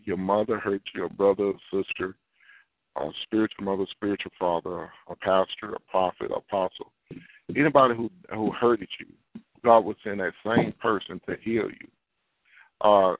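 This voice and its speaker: A man's voice: fairly low pitch, no room sound. Man preaching a sermon over a tinny line. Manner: earnest, repetitive, confessional preaching. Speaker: prophet preaching. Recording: tinny phone-line sound, dry.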